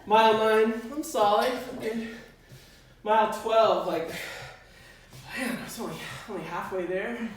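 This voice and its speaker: A man performing a personal story on stage at a live storytelling show, animated and self-mocking, swearing freely. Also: high-pitched, measured pace, a little hiss or hum. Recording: echoey hall, voice from far off.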